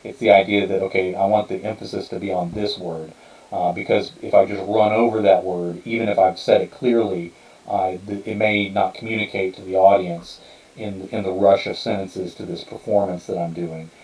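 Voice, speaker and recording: A man's voice: sits low, flat delivery, normal speed, darkish tone, reverberant, far from the mic, low-quality recording. A man hosting a podcast in casual talk, rambling with many fillers and restarts as he explains his writing. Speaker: podcast host and author. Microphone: streamed podcast mic.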